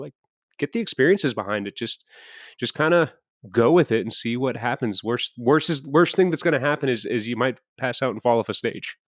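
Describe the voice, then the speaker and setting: A man hosting a veteran podcast, chatting easily with his guest. His voice sits at a middle pitch. The recording is dry and close, with no room sound. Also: dry recording. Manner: easygoing, conversational, frequent fillers. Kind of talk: casual podcast interview.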